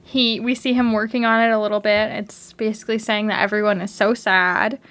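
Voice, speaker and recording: A woman's voice: medium pitch, little pitch movement, fairly quick, fairly bright tone. A young woman co-hosting a podcast, chatting animatedly and sharing opinions with frequent giggles. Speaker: podcast co-host. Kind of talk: casual chat recapping a show.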